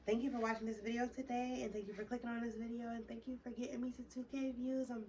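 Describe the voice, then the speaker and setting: A woman's voice: on the high side, flat delivery, quick pace, darkish tone, far from the mic, lo-fi sound, a little hiss or hum. A woman with a New Jersey accent telling a storytime in a casual, profane, heated rant. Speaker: vlogger.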